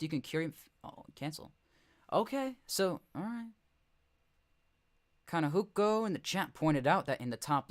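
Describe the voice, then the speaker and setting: A young man talking through game footage on a live stream, chatting loosely with his viewers. He rambles, restarts his sentences and corrects himself, and his pitch sits in an ordinary middle range for a man. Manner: rambling, self-correcting, chuckling asides. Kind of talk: casual live-stream commentary.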